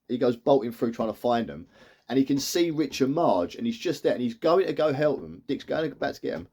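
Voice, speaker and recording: A man's voice: mid-range voice, expressive, a little fast, darkish tone, slightly rough. Tearful man rambling through a recap. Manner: rambling retelling that acts out characters' lines. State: tearful, emotional. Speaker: TV reviewer. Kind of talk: emotional episode recap.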